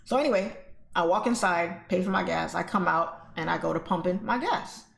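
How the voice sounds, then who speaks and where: Low, gravelly-voiced woman telling a story. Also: normal speed. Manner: chatty, addresses viewers as y'all and guys. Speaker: trading livestream host. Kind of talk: casual storytelling on a livestream. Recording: echoey room with faint music.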